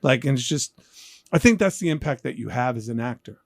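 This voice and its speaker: A man in his fifties from New York, hosting a casual interview and telling animated, joking stories. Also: medium pitch, brisk, gravelly, dry recording, studio quality. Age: 50s. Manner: animated, joking storyteller who acts out quotes. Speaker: podcast host.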